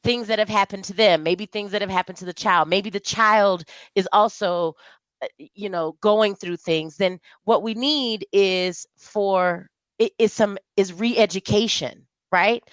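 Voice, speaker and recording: A woman as a podcast guest, speaking in casual conversation, animated and storytelling, mimicking the voices of people she talks about. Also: mid-range voice, unhurried, no echo, muffled recording.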